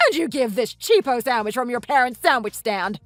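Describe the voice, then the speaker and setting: A woman voicing a shrill, sneering snob. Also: lively intonation, brisk, a bit bright, dry recording, faint music behind. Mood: scornful. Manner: haughty, sneering, shrill outbursts. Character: snobbish young woman, spiteful and condescending. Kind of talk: voiced texting story.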